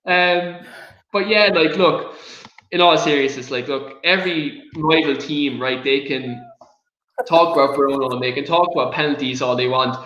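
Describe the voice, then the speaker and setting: A man's voice: a little high, moderate pace, a bit bright, roomy sound, muffled recording, a little hiss or hum. An Irish man hosting a casual football chat show, who rants with passion and breaks into giggles. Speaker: podcast host.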